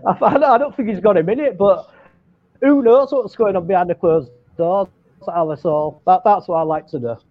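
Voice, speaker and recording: Man, Yorkshire accent, high-ish voice, casual sports chat, self-deprecating, muffled lo-fi sound. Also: normal speed. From Yorkshire, England. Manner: self-deprecating, chatty, laughs easily. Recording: dull lo-fi sound.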